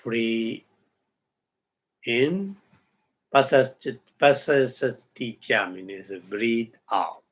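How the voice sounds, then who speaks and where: A meditation teacher gives a Buddhist dharma talk, speaking haltingly in an expressive, medium-pitched voice with a fairly bright tone. He chants Pali terms, explains each one, and checks in with listeners through short hums and questions.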